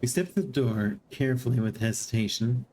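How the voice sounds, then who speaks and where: A streamer reading a text adventure aloud in an even voice, with amused asides now and then. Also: mid-range voice, a little fast, slight background noise. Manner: reads narration evenly and breaks in with surprised laughing asides.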